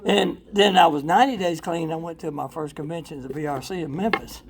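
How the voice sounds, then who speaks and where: An older man giving a blunt, profane recovery testimony to a live audience. He rambles with fillers, laughs often, and swings between loud and quiet. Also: fairly high pitch, brisk, creaky, crowd noise. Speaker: speaker sharing at a recovery convention workshop.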